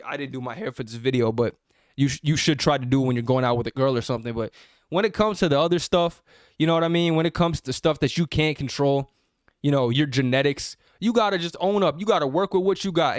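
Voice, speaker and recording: A man's voice: mid-range voice, no room sound, clean studio sound. A young man speaking straight to the camera in a blunt, profane, confrontational rant about self-image. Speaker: self-improvement vlogger.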